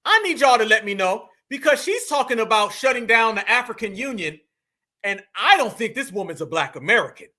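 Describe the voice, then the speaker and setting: A man with a strikingly high, bright and forceful voice hosts a live stream. He talks emphatically and turns often to his chat. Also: very animated, brisk. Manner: emphatic, addresses the chat directly. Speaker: livestream host.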